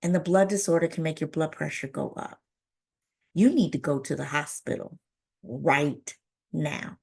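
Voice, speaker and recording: A woman voicing a calm male doctor who quietly gives urgent news in a measured, matter-of-fact way, with a gravelly edge. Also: deep voice, exaggerated voice.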